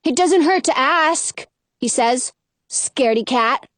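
A woman's voice: slow pace, dry recording. A woman reading aloud voices a bold, teasing young boy who dares his older sister. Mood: coaxing. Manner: taunting, high and lively.

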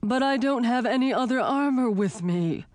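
A woman's voice: mid-range voice, moderate pace, darkish tone, dry recording, close to an everyday voice. Petulant, complaining male knight, read by a woman narrator, dry and close. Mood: protesting. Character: touchy, grumbling male knight in a tourney.

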